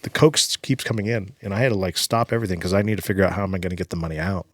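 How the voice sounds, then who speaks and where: A man's voice: low voice, steady tone, very fast, no room sound, clean studio sound. A man guest on a podcast, telling a long story in a casual, profane way with lots of "like" fillers. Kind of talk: animated storytelling in casual conversation.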